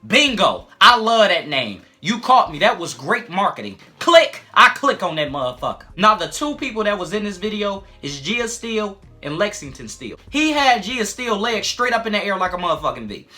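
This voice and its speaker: A man in his twenties telling a crude, profanity-heavy personal story in a casual, animated vlog style with frequent asides. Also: high voice, a little fast, hardly any pauses, faint music behind. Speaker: storytime YouTuber.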